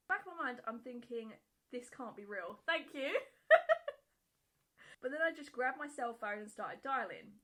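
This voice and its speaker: A woman's voice: a little high, pushed and bright, poor audio. A woman reading a Reddit post aloud and reacting to it bluntly, with frequent swearing and laughter. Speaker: YouTube reaction creator.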